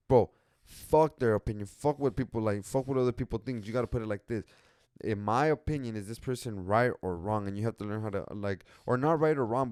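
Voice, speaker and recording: A man's voice: on the low side, a little mellow, clean tone, no echo, clean studio sound. A young man hosting a podcast, talking casually in a rambling way with lots of slang, swearing and restarts. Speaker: podcast host.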